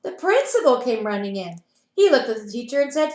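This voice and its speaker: A playschool teacher reading a picture book aloud to children over a video call, animated, with asides to the kids. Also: female voice, high voice, brisk, roomy sound, poor audio.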